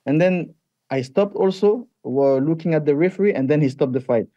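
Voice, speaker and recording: A male fighter speaks English, mellow and soft-edged in tone, pitched a touch high for a man. He talks haltingly, repeating words and restarting. The sound is dry and slightly dull. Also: dry recording. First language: French. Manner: halting, repeats words, animated when retelling. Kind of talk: interview answers.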